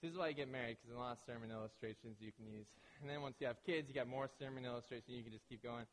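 This man's voice sits at medium pitch and moves very fast, with a long reverb tail and slight background noise. He's a pastor giving a relaxed, chatty sermon, often asking "right?" and performing the quoted voices of characters in his stories.

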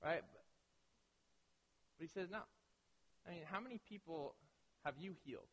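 A man's voice: fairly high pitch, animated, normal speed, a bit bright, husky, big-room sound. A man preaching a sermon in a loose, conversational way, often checking in with "right?" and acting out the voices of people in his stories. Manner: conversational, keeps asking "right?"; acts out quoted voices. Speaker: pastor.

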